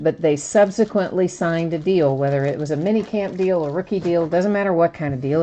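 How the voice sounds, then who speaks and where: Low-voiced woman hosting a card break. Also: a little mellow. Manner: chatty, greets viewers by name, explains rules patiently. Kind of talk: casual live-stream chat. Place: indoors at a table.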